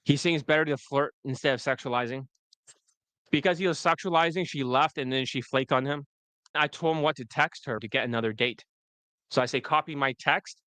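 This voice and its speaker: A man's voice: medium pitch, fairly quick, a bit bright, clear, resonant tone, dry recording. A man coaching on dating in a livestream replay, blunt and profane, with a loose and rambling delivery.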